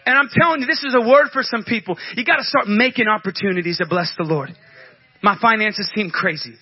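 Male pastor, very high voice, fervent sermon delivery with call-outs, dry lo-fi recording. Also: fairly quick, slightly rough, dry recording. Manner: fervent preaching with call-outs, acts out prayers.

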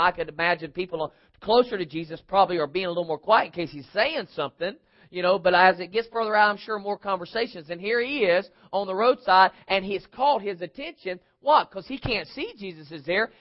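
Casting: male pastor, high register, dynamic sermon delivery with shouted peaks, muffled lo-fi sound. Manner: preaching with bursts of shouting and dropping to near whispers; acts out crowd voices in his telling. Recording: dull lo-fi recording.

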